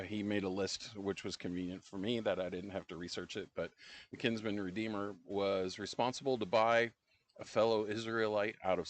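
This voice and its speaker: A middle-aged man co-hosting a podcast, leading a Bible study in a relaxed, conversational way with frequent pauses. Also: low voice, slight background noise. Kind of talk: casual Bible-study discussion.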